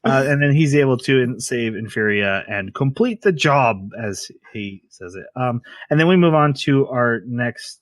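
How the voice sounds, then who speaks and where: A man co-hosting a casual podcast, recapping scenes in quick bursts and acting out the lines with a laugh. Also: medium pitch, animated, dry recording. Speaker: podcast co-host. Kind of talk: casual chat.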